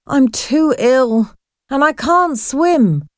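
A woman's voice: sits high, big pitch swings, no room sound, studio quality, voice pushed up, full character voice. A woman doing a feverish, delirious teen boy. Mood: weak delirious. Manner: weak and slow.

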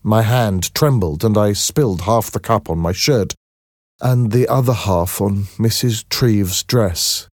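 A man narrating a scripted story in a slow, clear storytelling manner. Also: on the low side, dry recording, clean studio sound.

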